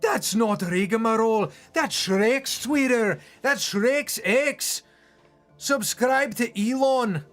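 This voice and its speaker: A man putting on the voice of a big, gruff male ogre, drawing out his words loudly. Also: extremely high pitch, soft background music, pitched above the performer's own voice, heavily acted. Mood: rowdy. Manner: drawn-out, shouty delivery.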